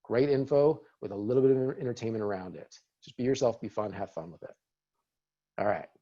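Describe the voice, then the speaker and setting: On dull audio, a real estate team leader gives a relaxed, encouraging video training webinar, chatting with attendees about using video in business. He speaks briskly in a fairly low, warm voice.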